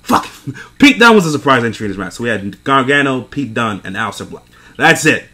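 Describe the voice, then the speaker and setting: Young man, casual wrestling recap rant, lively pitch, bright voice, swears a lot, exasperated. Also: brisk. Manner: animated, exasperated, swears often, laughs between points. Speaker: wrestling show reviewer.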